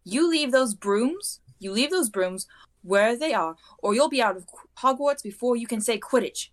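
A woman reading aloud plays a strict teacher, her voice lifted high and lively. Orders come clipped and commanding, swinging in pitch. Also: moderate pace, close to an everyday voice. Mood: stern. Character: stern brisk female flying teacher.

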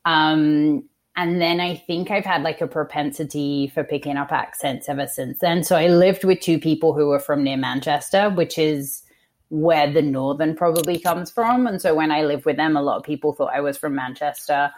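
Woman, low voice, British-Australian mixed accent, chatty and laughing, casual interview guest. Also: moderate pace, a little mellow. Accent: mixed British, Northern English and Australian. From England (London). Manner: chatty, laughs often, acts out quoted voices. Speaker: podcast guest.

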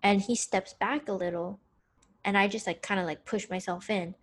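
A young adult woman co-hosting a podcast, telling a personal story in a candid, profane, animated way. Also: medium pitch, normal speed. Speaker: podcast co-host. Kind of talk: casual storytelling chat.

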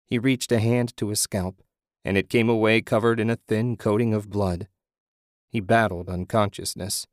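Low-voiced man narrating a horror story. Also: steady tone, moderate pace, no echo, clean studio sound.

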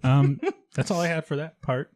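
A man's voice: fairly high pitch, steady tone, moderate pace, darkish tone, soft background music. A man co-hosting a casual podcast chat, rambling and hesitant as he lays out a theory. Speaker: podcast co-host.

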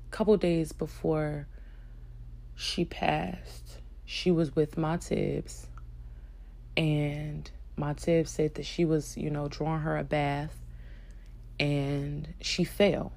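A young woman telling a personal story in a soft-spoken, hesitant way, with many fillers and restarts. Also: sits low, flat delivery, extremely slow, creaky, long pauses. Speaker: vlogger sharing a personal story.

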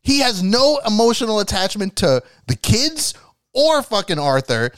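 A man with a fairly high, lively voice rants on a podcast, swearing freely and dropping into hushed voices to act out lines. He is recorded dry and close, with no room sound. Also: moderate pace, no echo. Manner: animated ranting, swearing, acting out lines in a hushed voice. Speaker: podcast panelist. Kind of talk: casual chat.

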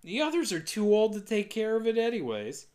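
A woman's voice: medium pitch, very animated, brisk, a little mellow, close to an everyday voice. A woman voicing a smug, scheming husband in a flippant, mocking paraphrase during a casual podcast recap.

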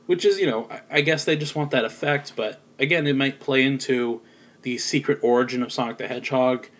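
A man's voice: mid-range voice, fairly quick, a bit bright. Rambling man reviewing a film. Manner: rambling, many ums and likes. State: sleepy, yawning. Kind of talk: casual spoken review.

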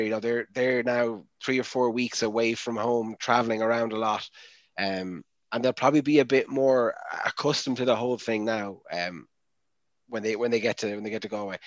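A man's voice: medium pitch, no room sound, lo-fi sound. A man talking casually on a sports podcast, hesitant, with frequent fillers and restarts. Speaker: podcast co-host.

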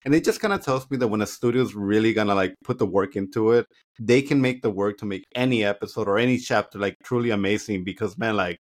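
A man's voice: on the low side, fast. A man co-hosting an anime review podcast in casual chat, rambling and packing his talk with fillers. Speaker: podcast co-host.

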